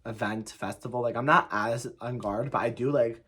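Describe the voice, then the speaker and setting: A young American vlogger tells a story to the camera, swearing a lot and leaning heavily on "like." His medium-pitched voice holds a steady tone at a moderate pace, sounding sharp and husky, and his delivery is casual but emphatic.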